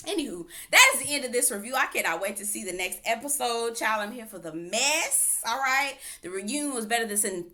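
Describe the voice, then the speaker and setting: A woman's voice: fairly high pitch, animated, fairly quick, hardly any pauses, pushed and bright. A woman recapping a reality TV show in a casual, gossipy way, quoting people in exaggerated voices and laughing often. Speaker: TV reviewer vlogger. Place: home, on camera.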